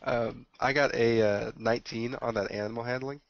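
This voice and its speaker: Easygoing man at a gaming table, gravelly voice, dry lo-fi mic. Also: medium pitch, fairly even intonation, normal speed, dry recording. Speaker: player. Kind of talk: casual tabletop game chat.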